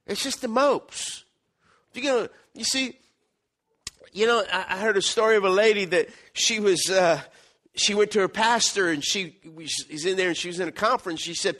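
A middle-aged male pastor preaching an animated sermon, acting out little scenes and swinging between loud and quiet. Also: high voice, normal speed.

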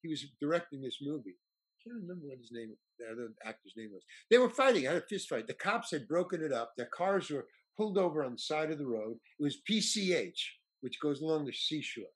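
A man's voice: on the high side, fairly quick, breathy edge. A man telling a long anecdote in casual chat, acting out the voices of people he quotes. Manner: animated, acts out quoted voices. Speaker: storyteller guest.

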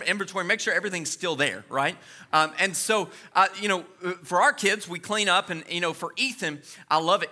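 A man in his thirties preaching a sermon as pastor, animated and joking with quick asides. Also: a little high.

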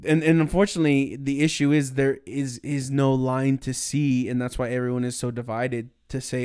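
A young man co-hosting a podcast, thinking aloud in casual chat, halting with many restarts. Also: medium pitch, flat delivery, a little mellow, clear, resonant tone. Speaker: podcast co-host.

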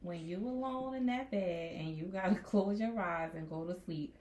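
A woman's voice: fairly low pitch, normal speed, roomy sound, background noise. A woman on a discussion panel who speaks casually and often affirms the others.

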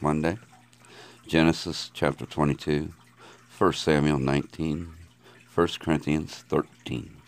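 Bible reader, man, very low bass voice, measured and steady delivery. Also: a little hiss or hum. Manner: measured, steady reading of archaic scripture. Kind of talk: scripture reading.

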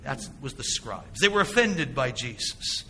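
A man's voice: medium pitch, big pitch swings, a little slow, sharp tone, big-room sound, a little hiss or hum. A man preaching a sermon as a pastor, with emphatic delivery and rhetorical questions to the congregation. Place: church sanctuary.

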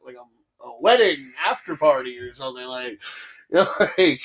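A man's voice: mid-range voice, expressive, normal speed, a bit bright. A young man who is a guest on a casual chat show, laughing a lot and swearing. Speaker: podcast guest.

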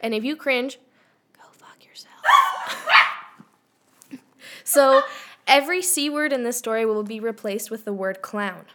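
A young woman co-hosting a podcast, telling a story in a casual, animated way, swearing and laughing often. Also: fairly high pitch, normal speed, very noisy. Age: young adult. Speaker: podcast co-host.

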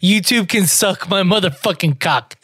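Crude, swaggering high-voiced podcast host. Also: male voice, moderate pace. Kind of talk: casual podcast chat.

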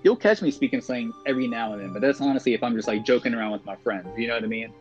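A man speaks as a podcast guest in casual chat, a talkative storyteller who speaks properly but uses many fillers. His medium-pitched voice races, and the podcast audio is dull and lo-fi with music.

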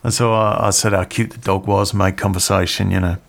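Man, middle-aged, low gravelly voice, casual anecdotal storytelling, swears often. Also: little pitch movement, fairly quick. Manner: swears freely, rambling anecdotal asides.

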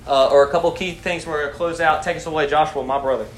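This young man, a student leading a Bible study, reads scripture aloud, questions the group and preaches with energy. He speaks fast in a slightly high, steady tone, and the recording has an echoey room and faint noise in the background.

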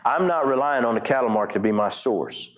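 A man's voice: mid-range voice, animated, a little fast, echoey room. A pastor preaching a conversational sermon, retelling scripture in his own words with frequent restarts.

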